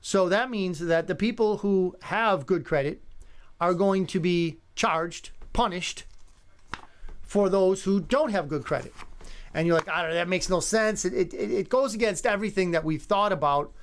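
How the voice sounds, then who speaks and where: This radio host, a man in his fifties, has a high voice and a measured pace. His show has an emphatic but conversational feel, and he welcomes each caller by name.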